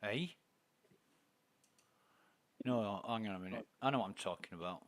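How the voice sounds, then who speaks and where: Man, low voice, casual gaming chat, streamer, talks through what he is doing. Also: normal speed. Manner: chatty, narrates what he is doing on screen. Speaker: streamer playing a space game.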